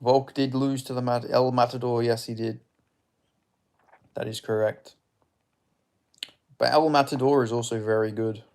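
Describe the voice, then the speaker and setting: A young man watches a live fight along with his stream viewers, speaking casually in a gravelly, creaky, darkish voice at mid pitch. His intonation is fairly even at normal speed, broken by long pauses, as he reacts to strikes, reads chat aloud and swears freely.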